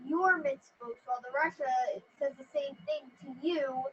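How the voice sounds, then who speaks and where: A woman's voice: sits high, moderate pace, muffled recording. A woman student offering an answer in class, hesitant and restarting her sentences.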